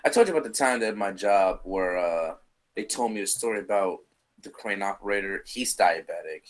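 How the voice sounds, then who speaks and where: A man's voice: sits low, lively intonation, brisk, low-quality recording. A young man co-hosting a podcast, telling work stories in a loose, rambling way, repeating himself and swearing casually. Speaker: podcast co-host. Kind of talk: casual chat.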